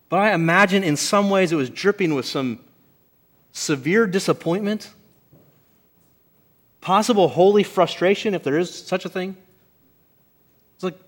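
A male pastor delivers a sermon with earnest conviction, his voice sitting a little high. He stretches out the phrases he most wants to land. He speaks in front of a church congregation. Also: a bit bright. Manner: earnest, emphatic, slows on key phrases. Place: church service before a congregation.

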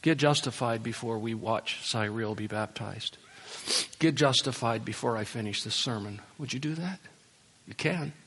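Pleading preacher in a reverberant hall. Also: male voice, mid-range voice, normal speed, slightly rough. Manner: pleading, rising to impassioned appeals then dropping soft. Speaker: pastor. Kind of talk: sermon. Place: church worship center. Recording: long reverb of a large hall.

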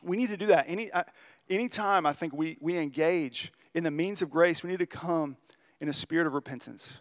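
A pastor giving an earnest, conversational sermon. He tells stories in a confessional way and slows down to stress key lines. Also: fairly high pitch.

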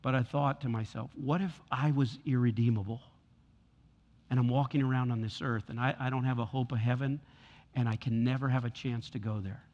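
A man's voice: mid-range voice, fairly even intonation, fast talker, a little mellow, dull audio. Pastor guy preaching a sermon in a church, voice rings out in a long echo, keeps repeating stuff. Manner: preaching with rising force and repeated lines. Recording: long hall reverb.

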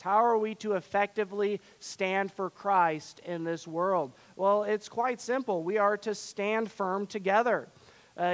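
A male pastor from the southern suburbs of Chicago preaching a sermon, swinging between loud emphasis and hushed passages. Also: high voice.

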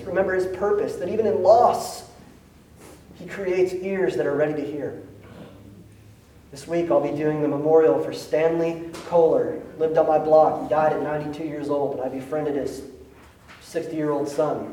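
A man's voice: a little high, steady tone, moderate pace, warm tone, a little hiss or hum. A man preaching a sermon as pastor, talking in a conversational way with slangy asides and building to emphatic peaks. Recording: roomy echo, mic at a distance, faint ambience.

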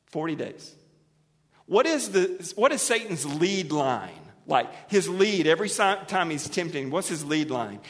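A male pastor preaching in a church sanctuary, his voice carrying a long hall reverb. He swings from hushed, lingering phrases to loud, emphatic bursts. He often asks the congregation questions and has them repeat words with him. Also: on the high side, sing-song, measured pace. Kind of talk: sermon.

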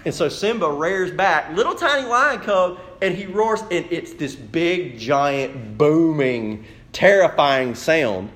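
High-voiced man preaching with animated storytelling. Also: slow pace, few pauses. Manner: animated storytelling, addresses congregation directly. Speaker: pastor. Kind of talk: sermon.

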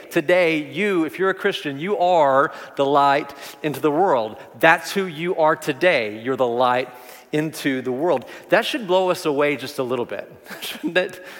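A man preaching a sermon as pastor, talking conversationally, repeating words and rising with emphasis. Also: on the high side. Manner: conversational, animated preaching with repetitions. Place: church sanctuary. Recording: long reverb of a large hall.

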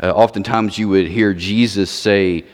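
A man's voice: fairly low pitch, steady tone, unhurried. A man preaching a sermon, emphatic, repeating words for stress. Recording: long reverb of a large hall.

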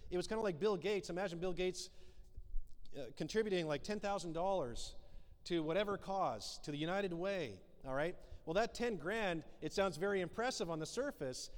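A man preaching a sermon as pastor, acting out the dialogue in his illustrations. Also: a little high. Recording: long hall reverb.

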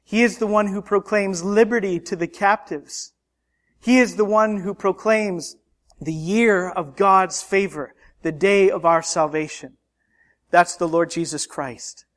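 A man preaching a sermon, impassioned and rhetorical, swinging between loud emphatic lines and hushed ones. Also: high-pitched.

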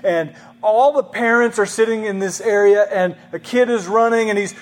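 A man's voice: sits high, normal speed. A man preaching a conversational sermon as pastor, often asking the congregation questions.

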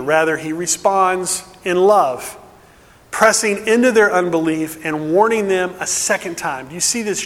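High-voiced guy preaching in a church hall, earnest, goes quiet then builds up, long echo. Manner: earnest, drops to a hush then builds with emphasis. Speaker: pastor. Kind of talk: sermon.

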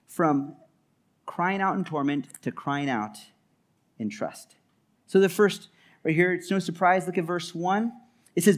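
Earnest man preaching a sermon. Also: high voice. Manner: earnest, emphatic, stacks repeated phrases. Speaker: pastor.

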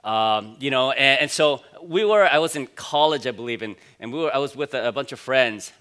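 A man in his forties preaches to a church congregation in a bright, clear voice. He talks in an easygoing, conversational way, telling stories and padding his sentences with casual fillers. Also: mid-range voice, lively intonation, a little fast. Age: 40s. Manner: conversational, storytelling, many fillers. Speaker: pastor. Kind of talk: sermon.

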